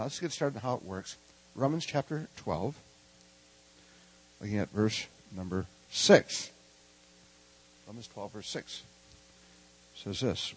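A middle-aged man from Minnesota preaching a lively, humorous sermon and calling on the congregation to answer back. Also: medium pitch, husky, poor audio. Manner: animated, joking, calls for congregation response. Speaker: preacher teaching a prophetic ministry school.

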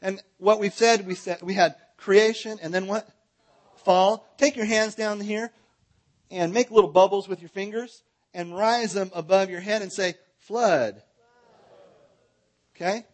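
A man with a high, light voice teaches a Bible seminar to a live crowd. He is from Southern California and keeps things playful, cracking jokes and getting everyone to answer back and act out motions. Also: fairly even intonation, moderate pace. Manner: playful, jokey, coaxes the audience to join in. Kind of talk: lively live Bible seminar with audience participation.

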